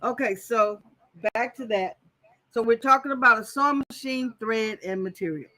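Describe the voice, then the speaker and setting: Casual woman host for a live quilting tutorial, chatty with her chat, bright and punchy voice. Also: a little high, normal speed, rough recording.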